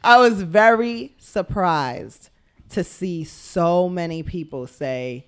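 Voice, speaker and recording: A woman's voice: on the low side, takes it slowly, smooth. A frank woman talking in casual banter as a podcast co-host, swearing freely and laughing often.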